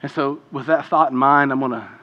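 A man preaching a sermon as pastor, impassioned and swinging between hushed and loud passages. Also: mid-range voice, a little fast, lo-fi sound. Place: church sanctuary. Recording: long hall reverb.

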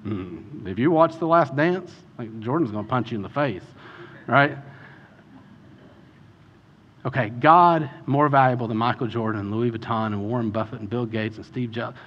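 A man preaching a sermon as pastor, building to passionate shouts and easing into a quiet prayer. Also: mid-range voice, moderate pace, muffled recording. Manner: impassioned, builds to shouting then softens into prayer.

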